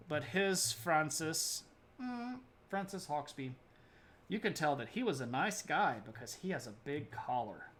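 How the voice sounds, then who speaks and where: A man's voice: fairly high pitch, fairly bright tone. A man giving a casual, joking history talk on a live stream, rambling with lots of fillers and stopping to greet viewers in chat. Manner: loose and rambling with many fillers.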